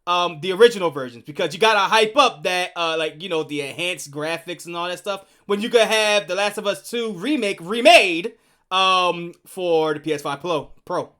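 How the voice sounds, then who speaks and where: A man's voice: sits high, normal speed, bright, forceful tone. A male streamer chatting casually, laughing often and rambling loosely.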